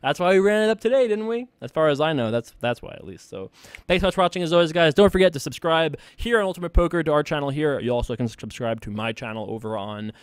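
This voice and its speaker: A man's voice: on the high side, fast talker, smooth, dry recording. A man hosting an online poker series, giving casual play-by-play of his hands in a laid-back, self-mocking way. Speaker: online poker player and show host.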